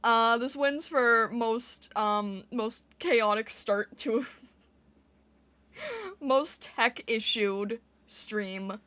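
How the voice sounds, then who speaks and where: A woman streaming live, chatting casually with her chat, giggling often, her voice squeaking when she laughs or yells. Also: animated, extremely slow.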